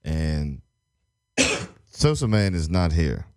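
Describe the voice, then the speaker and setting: Show host, very deep voice, straight-talking with a joking edge. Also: male voice, very animated, very slow, smooth. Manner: blunt, joking, talks straight to the room. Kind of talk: casual chat.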